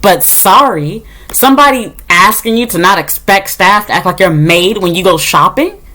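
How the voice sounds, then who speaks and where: A woman's voice: medium pitch, moderate pace, pushed and bright. A woman from the United States ranting in a casual vlog, blunt and sarcastic, swearing often and mimicking others. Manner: blunt, profane and sarcastic, mocking others in put-on voices. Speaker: vlogger. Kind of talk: casual storytime rant.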